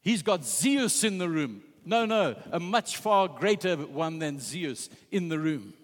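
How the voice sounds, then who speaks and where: A man's voice: fairly high pitch, lively intonation, unhurried, big-room sound. A man preaching a sermon with passion, retelling scripture and quoting its figures. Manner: impassioned, retelling scripture with quoted voices.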